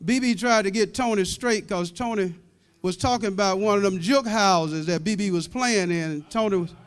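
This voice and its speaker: A man's voice: high voice, normal speed, clear, resonant tone. A man working as emcee, introducing a drummer and teasing him playfully at a public event. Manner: playful, teasing, repeats himself.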